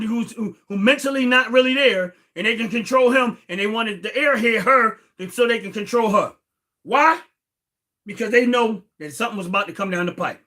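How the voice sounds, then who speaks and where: An American man hosting a livestream, ranting in an indignant, repetitive way and often raising his voice to a shout. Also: very high voice. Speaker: livestream host. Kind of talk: heated political livestream rant.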